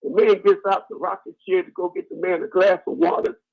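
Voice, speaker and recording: High-voiced, husky man preaching on radio. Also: a little fast, dull audio. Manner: folksy storytelling, rising to shouted preaching. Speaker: radio talk show host. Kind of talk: preachy call-in radio talk.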